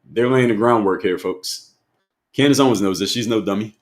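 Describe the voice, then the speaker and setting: Man, low voice, live stream host, emphatic, repeats himself, quizzes his chat. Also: normal speed.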